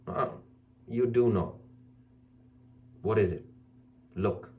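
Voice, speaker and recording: A man's voice: animated, unhurried, long pauses. A man speaking as a spiritual teacher in an emphatic, scolding monologue, repeating his points and mocking excuses in a whiny voice. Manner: mocks others in a whiny high voice. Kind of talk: preachy monologue to camera.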